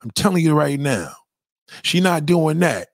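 A man's voice: fairly high pitch, very animated, measured pace, no room sound, studio quality. A man hosting a livestream, ranting in a crude, profane, emphatic and repetitive way. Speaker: livestream host. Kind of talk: unscripted livestream rant.

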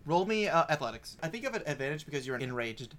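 A game master running a tabletop session, slightly high man. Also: sing-song, fairly bright tone. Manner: brisk, profane, self-mocking rulings.

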